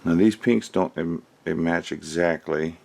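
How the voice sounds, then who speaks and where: A deep, gravelly man's voice, slightly slow and a little mellow. He's a resin crafter working at home, rambling and chatting as he thinks aloud through his casual crafting commentary.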